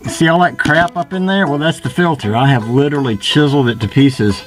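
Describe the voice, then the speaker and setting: A man's voice: on the high side, brisk, soft background music. A man chatting casually to the camera in a folksy, wry way while working on his car at home. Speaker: home car mechanic vlogger.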